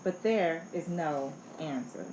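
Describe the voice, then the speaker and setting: A woman reading a children's picture book aloud in an expressive, playful way. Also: sits low, takes it slowly. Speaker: storybook reader. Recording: echoey room, faint background noise.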